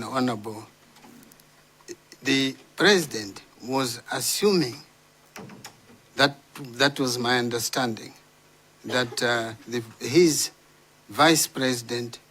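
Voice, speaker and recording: A man giving formal testimony to a parliamentary committee, halting and careful with many pauses. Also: medium pitch, fairly even intonation, sharp tone. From Malawi. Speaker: witness before a parliamentary committee.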